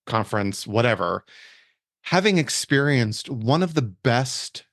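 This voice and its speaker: A man's voice: mid-range voice, lively intonation, unhurried, fairly bright tone, dry recording, clean studio sound. A man hosting a podcast interview, speaking passionately and emphatically, often repeating himself for weight. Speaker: podcast host, event planner. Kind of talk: conversational interview.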